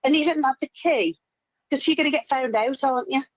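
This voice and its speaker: A woman's voice: high voice, fairly quick, no room sound, low-quality recording. Earnest English woman calling in. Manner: earnest, agreeable, tag questions. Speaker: caller. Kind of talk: casual phone-in chat.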